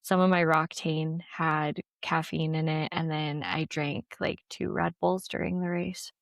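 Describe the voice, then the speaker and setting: A woman's voice: deep voice, level tone, a little slow, creaky, no room sound. Chatty young woman, dry close voice. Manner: chatty, lots of "like" fillers, laughs often. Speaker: ultrarunner guest. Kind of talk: casual interview chat.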